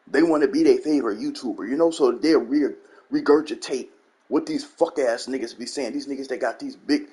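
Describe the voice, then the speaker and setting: On his gaming channel, a man with a slightly rough, mid-range voice rants through a commentary monologue. He is blunt and profane, leaning again and again on catchphrases such as "you know what I'm saying".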